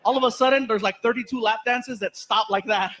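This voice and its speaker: Stand-up comic from Los Angeles, male, very high voice, animated live storytelling, noisy live recording. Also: brisk. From Los Angeles, USA. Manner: animated, laughs through his own punchlines. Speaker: stand-up comedian. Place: comedy stage before a live audience.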